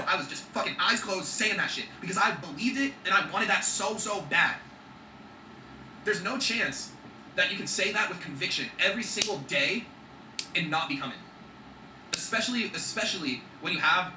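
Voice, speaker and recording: A man's voice: sits high, fairly quick, reverberant, recorded from a distance, noisy background. A man talking in an emphatic motivational vlog, swearing freely and checking in with his viewers. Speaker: vlogger.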